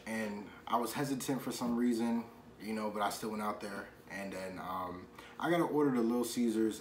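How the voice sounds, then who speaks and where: A man tells a wild story from his delivery shift straight to camera, loose and slangy, throwing in "you know what I'm saying" again and again. His voice sits at an ordinary pitch and rings in an echoey room. A faint hiss lies under it. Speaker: vlogger, delivery driver.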